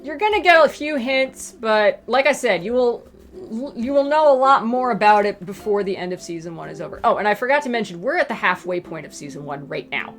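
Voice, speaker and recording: This woman's medium-pitched voice is expressive and a little fast, with faint music playing behind it. As a webcomic creator, she chats casually through reader questions about her comic, rambling with plenty of fillers and asides.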